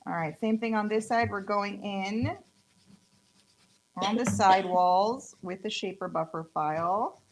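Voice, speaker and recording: Mexican-accented woman, nail tech host, chatty live demo, a bit of fry. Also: medium pitch, a little slow, background noise. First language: Spanish. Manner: chatty, joking, playful asides. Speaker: nail tech demonstrating products. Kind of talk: casual live product demo.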